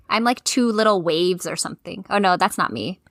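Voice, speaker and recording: A woman's voice: mid-range voice, lively intonation, moderate pace, fairly bright tone, no room sound, clean studio sound. A woman in her thirties co-hosting a podcast, chatting casually, laughing often and peppering her speech with "like.". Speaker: podcast co-host. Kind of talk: casual chat.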